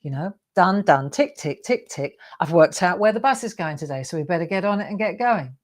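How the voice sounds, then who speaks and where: Chatty woman, low voice. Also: expressive, fairly quick. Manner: chatty, self-deprecating, encouraging. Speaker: craft show host. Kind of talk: live craft demonstration.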